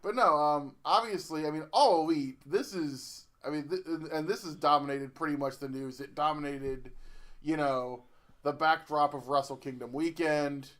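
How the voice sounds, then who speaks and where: A man's voice: on the high side, a bit bright. A man with a slightly raised voice, chatting casually as a podcast co-host. He rambles and halts, breaking off and restarting his sentences as he goes. It sounds loose and unscripted. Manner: rambling, halting, self-interrupting.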